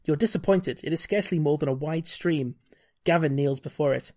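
A man's voice: fairly high pitch, brisk, warm tone. A man hosting a podcast, reading a gamebook aloud with wry, joking asides and frequent laughter. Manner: wry, laughs often, reads narration steadily.

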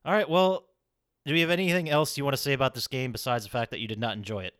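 A man's voice: mid-range voice, fairly even intonation, fast talker, a bit bright, clean tone. A young man hosting a casual podcast, running the segments and laughing easily. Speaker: podcast host.

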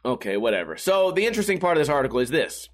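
High-pitched man, profane, sarcastic, rambling solo podcast host, self-mocking. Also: sing-song, racing. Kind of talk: casual solo podcast chat.

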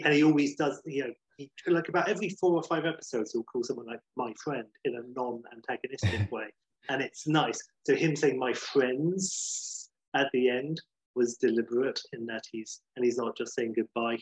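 A man's voice: mid-range voice, moderate pace. A man co-hosting a podcast, chatting casually and reflecting on the show. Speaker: podcast co-host. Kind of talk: casual chat. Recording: roomy echo.

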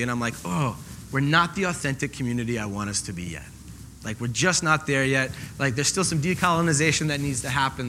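Man, pastor preaching, lively and joking, high voice, very bright tone. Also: a little hiss or hum, low-quality recording. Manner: lively, joking, acts out voices of the people in the story. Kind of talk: sermon. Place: church hall with a congregation.

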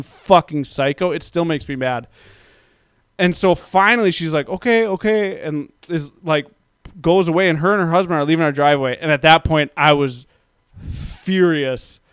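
A man in his thirties telling a story in a casual, profane rant that grows heated and loud. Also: fairly high pitch, clear, resonant tone, dry recording, studio quality. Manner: ranting, profane, gets heated and loud when recounting.

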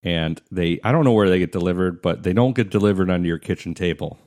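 A man in his thirties, co-hosting a casual chat and telling jokey stories with lively mock quotes. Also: low voice, quick pace. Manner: joking, animated storytelling with mock quotes. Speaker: podcast co-host.

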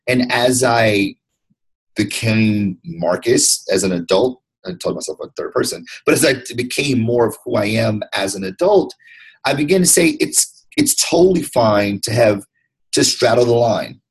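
A man's voice: lowish voice, expressive, unhurried, breathy edge, low-quality recording. A man from Detroit, a podcast guest, talking earnestly and reflectively about his path, often restarting his words. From Detroit, USA. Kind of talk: candid interview conversation.

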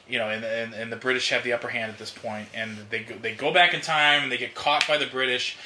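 A man's voice: mid-range voice, fairly even intonation, quick pace. A man telling a long rambling story in casual chat, swearing and laughing often. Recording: echoey room, faint noise.

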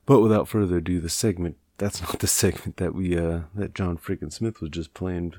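Low, dark-voiced profane podcast host. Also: male voice, fairly even intonation, fairly quick, no room sound, clean studio sound. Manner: profane, rambling, self-mocking. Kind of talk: casual podcast chat.

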